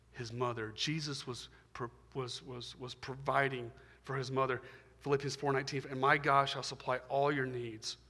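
A man's voice: fairly high pitch, bright, forceful tone. Preaching man in an echoing hall. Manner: emphatic, repetitive preaching with rising and falling intensity. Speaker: pastor. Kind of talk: sermon. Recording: long hall reverb.

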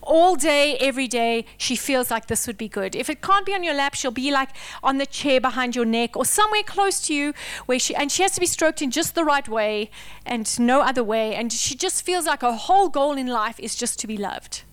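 A woman preaching a sermon, dramatic and emphatic, dropping to intense whispers and rising to loud declarations. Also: high voice, animated, normal speed, clear, resonant tone, no echo.

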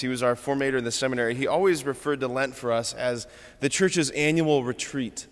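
A man, a Catholic priest, giving an earnest, informal homily with many fillers in a church. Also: mid-range voice. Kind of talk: conversational homily. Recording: long church reverb.

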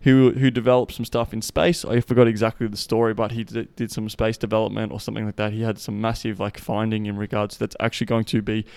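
A smooth, low-pitched man hosting a podcast, swearing freely as he rambles through crude stories. He sounds slightly out of breath from pacing as he talks. The recording is close and dry. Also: level tone, fast talker, few pauses, darkish tone, dry recording. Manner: profane, rambling storytelling. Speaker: podcast host. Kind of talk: casual monologue.

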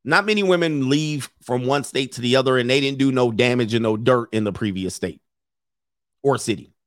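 A man's voice: medium pitch, normal speed, dry recording. A man giving dating advice to his viewers in a casual monologue, with a brash, profane and joking delivery.

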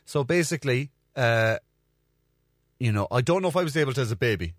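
A man's voice: medium pitch, expressive, fairly quick, no room sound, studio quality. A man hosting his own show, telling self-mocking stories about himself in a sweary, casual monologue. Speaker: podcast host.

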